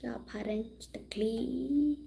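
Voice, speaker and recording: A woman hosting a casual livestream, chatting to viewers, switching between languages and often dropping into soft whispers. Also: a little high, takes it slowly, vocal fry, a little hiss or hum. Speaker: livestream host.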